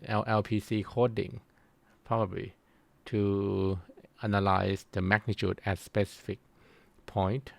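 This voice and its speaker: A man lectures in a low, gravelly voice, taking his time and stopping often to find the next word. The sound is close and dry, with no room around it. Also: no echo. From Thailand. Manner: slow, halting explanation with frequent pauses to search for words. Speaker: university lecturer. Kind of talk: recorded course lecture.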